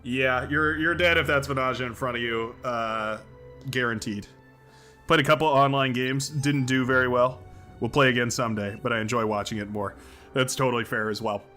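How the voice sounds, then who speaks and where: Bright-voiced, chatty game streamer man. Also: mid-range voice, normal speed, soft background music. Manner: chatty, thinking aloud, excitable. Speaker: streamer playing a strategy game. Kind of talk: live game-stream commentary.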